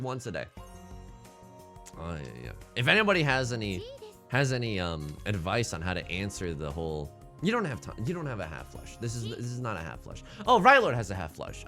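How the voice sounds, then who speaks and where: Animated young man commenting on a game. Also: medium pitch, a little fast, faint music behind. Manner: animated, jokey, talks to opponents on screen. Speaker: let's play host.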